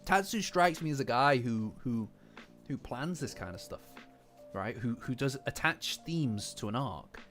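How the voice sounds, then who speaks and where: A man's voice: medium pitch, unhurried. Fired-up man reacting with swearing. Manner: heated, swearing outbursts between calmer musings. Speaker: manga reaction host. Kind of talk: casual chapter reaction commentary. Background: faint lofi background music.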